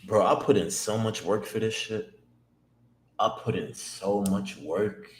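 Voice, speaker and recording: Young guy trading live, lowish voice, swears nonstop, loops the same lines, yelps up high when it pumps. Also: unhurried. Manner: excitable, swears constantly, bursts into high hyped shouts; slangy, repeats himself. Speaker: day trader. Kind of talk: live trading vlog, talking to himself.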